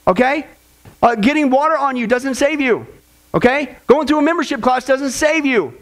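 High-voiced emphatic male preacher. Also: a bit bright. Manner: emphatic, rising to a high pitch on quotes. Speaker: pastor. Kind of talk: sermon.

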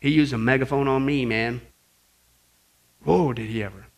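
A male pastor giving a lively teaching sermon, asking the congregation questions and acting out what God says. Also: mid-range voice, moderate pace. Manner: animated, asks the crowd questions, acts out God's voice.

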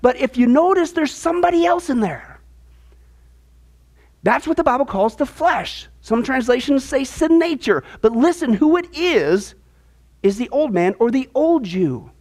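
Emphatic male Bible teacher, very high pitch, lively. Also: a little slow. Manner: emphatic, keeps checking with "okay?". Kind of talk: teaching a discipleship class.

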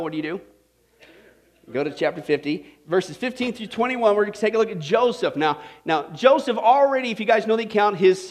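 High-voiced animated male preacher. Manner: animated, interactive, asks the audience questions. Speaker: pastor. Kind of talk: sermon.

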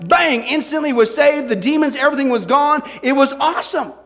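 A man preaching a sermon, emphatic and folksy, often checking in with his listeners and swinging between loud declarations and hushed asides. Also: very high voice, a little fast. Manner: folksy, asks the audience "right?".

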